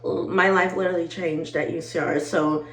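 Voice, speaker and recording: A woman in her twenties chatting to camera, animated and talkative, calling her viewers y'all and growing teary-eyed. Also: fairly low pitch, moderate pace, echoey room, low-quality recording. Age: 20s. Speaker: vlogger. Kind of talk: casual chat to camera.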